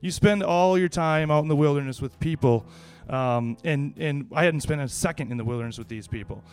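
A man telling a personal anecdote in a lively, casual way, laughing often and restarting his sentences. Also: fairly high pitch, brisk, clean tone. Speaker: storyteller.

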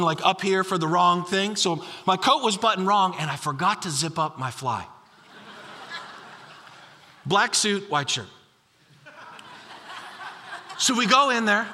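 A man's voice: high-pitched, sharp tone, in a large hall. A middle-aged male pastor preaching a sermon, telling stories with acted quotes and repeating key lines. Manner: storytelling with acted quotes and repetition.

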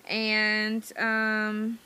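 Bright-voiced chatty woman podcaster. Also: mid-range voice, monotone, very slow, slight background noise. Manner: rambling, chatty, giggly, many fillers. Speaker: podcast co-host. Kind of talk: casual movie recap chat.

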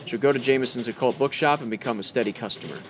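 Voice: medium pitch, racing. Reporter guy in a 1940s-style radio play, wry and clipped, music in the back. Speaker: newspaper reporter. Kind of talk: old-time radio-drama acting.

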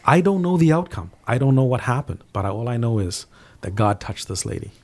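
A man telling a faith story as an interview guest, earnest and quick, often repeating his words as he goes. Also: mid-range voice, very animated. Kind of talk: faith testimony in casual interview.

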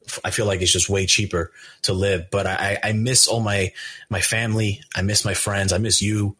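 A New man with a bright, forceful tone and a husky edge speaks as a guest in a relaxed conversation. He swears freely, leans on slang and trips over his own restarts as he goes. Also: on the low side, normal speed. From New York. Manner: loose, profane, heavy use of slang and repeated restarts. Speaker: guest, animator and voice actor. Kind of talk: casual conversational interview.

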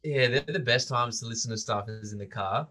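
A man's voice: mid-range voice, a little fast, sharp tone. A man co-hosting a podcast, telling stories in casual chat, laughing and swearing often. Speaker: podcast co-host.

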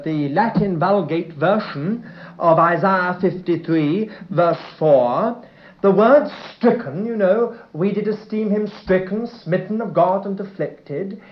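A man giving a Bible teaching, reading verses aloud in a measured way with enthusiastic asides. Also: sits high. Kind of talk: sermon-style Bible teaching. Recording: dull lo-fi recording in an echoey room.

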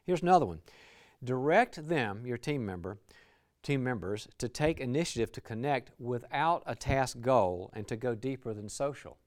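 A man's voice: medium pitch, animated, normal speed. A man giving a lecture on team relationships, enthusiastic, acting out short dialogues as examples. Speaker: leadership speaker. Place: lecture venue.

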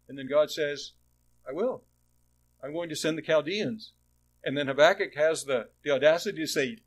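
A man preaching a sermon in an earnest way, repeating words and swinging between raised passages and hushed ones. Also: a little high, brisk.

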